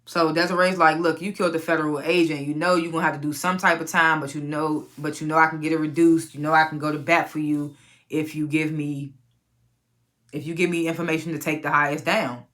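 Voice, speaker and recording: A woman casually recapping a TV episode, profane and animated, often laughing and acting out the characters' lines. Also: deep voice, brisk. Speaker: TV recap reviewer.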